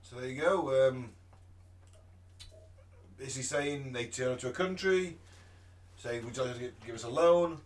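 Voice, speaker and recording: A man co-hosting a podcast in casual chat, teasing and cracking quick jokes. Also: mid-range voice. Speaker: podcast co-host. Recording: distant mic, slight background noise.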